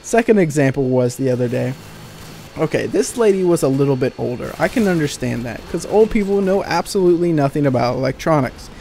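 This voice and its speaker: A man's voice: fairly high pitch, animated, a little fast, gravelly, warm tone, a little hiss or hum. A young man telling exasperated, sarcastic, profane stories about retail customers over gameplay. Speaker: gaming channel commentator. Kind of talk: ranting storytime over gameplay.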